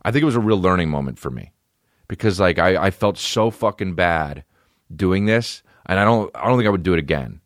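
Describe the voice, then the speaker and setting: A man in his thirties with a deep, low-pitched voice tells a podcast story in a loose, profane, self-mocking way. His delivery wanders and restarts, and he is recorded close with no room sound. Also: animated, fairly quick, no room sound. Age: 30s. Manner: profane, rambling, self-deprecating. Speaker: podcast host. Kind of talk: casual comedic storytelling.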